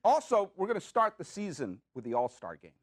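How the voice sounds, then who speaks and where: A man with a high, brisk voice hosts a podcast in a studio. He delivers an animated comedic monologue, cracking jokes, ranting playfully, and asking himself questions.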